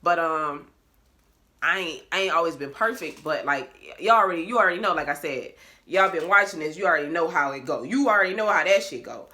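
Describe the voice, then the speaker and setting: A young woman speaks straight to her phone camera in a casual confessional vlog. Her voice is bright and clear, and her talk is candid, expressive and loose, with swearing and laughter mixed in. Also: on the low side, fast talker. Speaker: vlogger. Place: bedroom at home.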